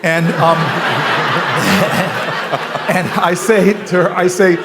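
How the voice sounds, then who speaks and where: A man in his forties from the United States giving an energetic storytelling speech at a forum, laughing often as he moves around the room. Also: high voice, slow pace, noisy background. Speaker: political speaker at a forum.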